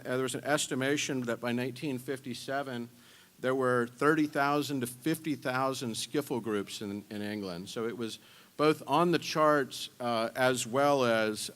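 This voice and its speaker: Man giving a relaxed music-history lecture. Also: medium pitch. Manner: relaxed, explanatory, conversational. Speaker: symposium lecturer. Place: university symposium room.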